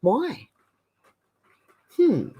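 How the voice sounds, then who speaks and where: A woman's voice: a little high, huge pitch swings, drawn-out words, breathy edge, dull audio. A woman hosting a casual livestream, reading out viewer comments and thinking aloud with hesitant asides. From Australia.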